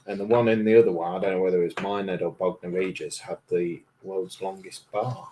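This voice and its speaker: A man's voice: low-pitched, fairly even intonation, fast, warm tone, slight background noise. A man co-hosting a casual livestream, trading cheeky jokes and banter. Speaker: livestream co-host. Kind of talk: casual chat.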